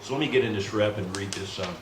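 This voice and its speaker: A man's voice: on the low side, fast. A middle-aged man rehearsing stand-up comedy in a rambling, self-deprecating way, often calling out to the folks. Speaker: new stand-up comic. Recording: roomy echo, faint hum.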